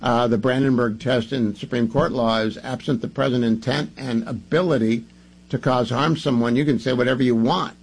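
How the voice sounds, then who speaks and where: A man's voice: medium pitch, fairly even intonation, moderate pace, breathy edge, rough recording. A man hosting a talk radio show, delivering emphatic, combative commentary and hammering points through repetition.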